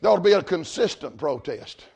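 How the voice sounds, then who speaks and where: A man with a Southern US accent preaching a storytelling sermon, folksy and emphatic, rising to shouts. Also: on the high side, animated, fairly quick, creaky. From Georgia, US.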